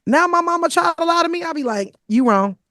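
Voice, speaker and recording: A woman's voice: extremely high pitch, lively intonation, fast, bright, forceful tone, no echo, studio quality. A woman co-hosting a podcast in casual chat, effusive and emphatic, recorded over a video call. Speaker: podcast co-host.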